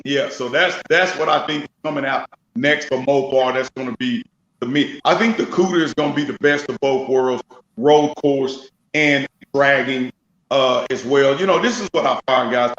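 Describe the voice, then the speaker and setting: A man's voice: mid-range voice, normal speed, roomy sound, highs cut off. A man, a guest drag racer telling stories with a laugh in a casual chat. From Memphis, Tennessee. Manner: animated storyteller, laughs often.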